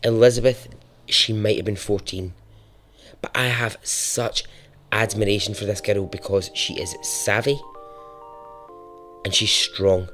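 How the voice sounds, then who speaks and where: Scottish man with a lowish voice telling a story. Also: a little slow, long pauses, faint music behind. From Scotland. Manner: lively, chatty and profane, dropping to a hushed, dramatic tone for dark moments. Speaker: podcast host. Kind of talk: conversational true-story narration.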